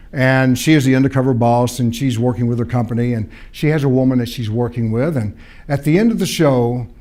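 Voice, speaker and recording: A man's voice: mid-range voice, darkish tone. A man speaking to an audience at a seminar, telling a story and acting out both sides of a conversation, often repeating and restarting phrases.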